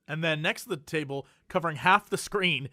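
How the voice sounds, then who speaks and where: A man's voice: on the high side, a little fast, no room sound, studio quality. A man co-hosting a podcast, telling stories in casual chat with frequent laughter. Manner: animated storytelling, laughs often. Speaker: podcast co-host.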